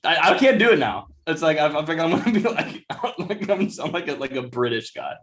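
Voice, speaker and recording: A man's voice: a little high, big pitch swings, a little fast, a bit bright. A man in his twenties, a musician guest, chatting casually in a laid-back, rambling way with lots of fillers. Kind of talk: casual chat.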